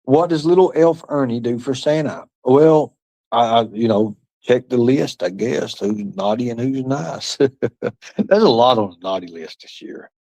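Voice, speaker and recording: With a medium-pitched, warm voice, this livestream host speaks unhurriedly but animatedly. He rambles while answering chat comments, taunting people, cursing and muttering to himself.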